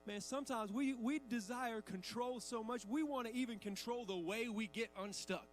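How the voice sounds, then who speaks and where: A man's voice: very high-pitched, normal speed, faint music behind. A man in his thirties, a pastor preaching a sermon in a church, talking in a conversational, emphatic way with casual asides. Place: church sanctuary.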